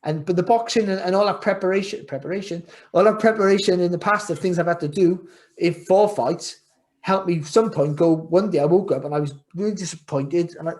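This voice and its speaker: Middle-aged man, podcast guest, rambling and reflective, voice a touch high. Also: brisk, a little mellow. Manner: rambling, repeats words and restarts often, reflective. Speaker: guest, former world champion boxer. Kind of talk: candid podcast interview.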